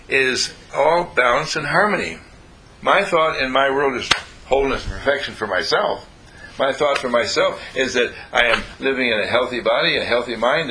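Man, spiritual teacher, bright clear tone, calm and repetitive, faint low rumble behind. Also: poor audio. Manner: calm, repetitive, gently instructive. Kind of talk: guided affirmation talk.

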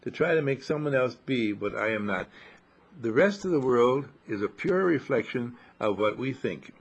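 An older man giving a gentle, rambling, folksy talk, chuckling as he reflects. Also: medium pitch, expressive, moderate pace, slightly rough, dull audio. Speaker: inspirational speaker.

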